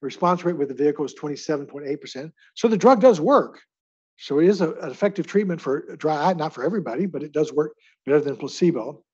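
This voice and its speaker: A man's voice: fairly high pitch, animated, quick pace, a little mellow, slightly rough, highs cut off. A man lecturing on drugs to a live class in a chatty way, asking the audience to vote by raising their hands. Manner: chatty, asks the audience for hand votes. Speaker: pharmacy lecturer.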